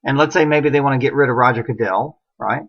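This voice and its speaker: A middle-aged man holds forth in a heated solo rant, hammering his points with one rhetorical question after another. His voice sits at an ordinary mid pitch, and the recording is dull and lo-fi. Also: fast talker, gravelly, a bit bright. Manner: ranting, emphatic, many rhetorical questions. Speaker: online commentator. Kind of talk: impassioned solo monologue.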